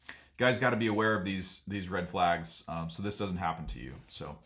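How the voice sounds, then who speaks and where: A man with a fairly low voice speaks in a loose, unscripted vlog style. He rambles and restarts, talks frankly, and lets out small laughs when something strikes him as absurd. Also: brisk, fairly bright tone. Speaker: sauna business owner and channel host. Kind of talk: casual warning vlog.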